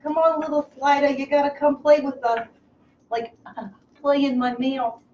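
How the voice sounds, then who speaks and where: A woman hosting a comic live cooking show from a kitchen, over-the-top excitable, breaking into squeals and gushing. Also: high-pitched, measured pace. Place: home kitchen. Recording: echoey kitchen, slightly dull, faint hiss.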